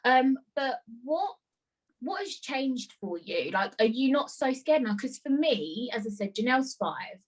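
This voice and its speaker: A woman hosting a podcast, chatting casually and telling stories in an animated, self-mocking way. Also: high voice, a little slow, poor audio. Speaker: podcast host. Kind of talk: casual chat.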